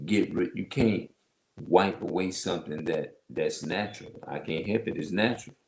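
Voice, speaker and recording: A man with a heavy, loud voice reads Bible verses slowly and emphatically, stopping to explain them in his own words as an online religious teacher. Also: low-pitched, vocal fry, reverberant, slight background noise, low-quality recording. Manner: slow, emphatic, repeats himself. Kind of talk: Bible reading with loose commentary.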